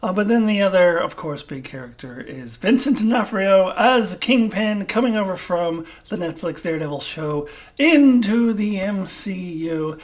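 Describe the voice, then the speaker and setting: A woman reviews a TV series on her own, speaking off the cuff. Her voice sits at an ordinary middle pitch, and she stops often to search for the right word. She pokes fun at herself easily. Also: lively intonation, a little mellow. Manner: halting, pauses to search for words; self-deprecating, laughs at herself. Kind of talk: unscripted solo review.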